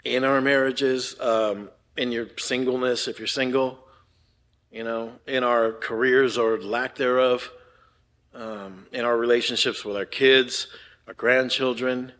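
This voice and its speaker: Older man pastor, casual sermon voice, shifts from hushed to emphatic, mid-pitched. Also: fairly even intonation, a little slow. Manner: conversational preaching, frequent "right?" and "man".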